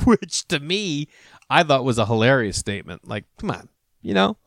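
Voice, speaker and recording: A man's voice: medium pitch, animated, fairly quick, fairly bright tone, no echo, studio quality. A middle-aged man hosting a podcast, telling rambling personal stories full of fillers and restarts. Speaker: podcast host. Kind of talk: casual chat with read ad.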